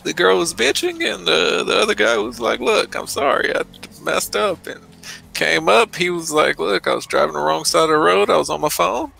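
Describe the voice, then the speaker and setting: A man's voice: high-pitched, animated, moderate pace, vocal fry, sharp tone, husky. A man role-playing a police officer in a game, exasperated and swearing as he rambles through his story. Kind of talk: in-character game roleplay.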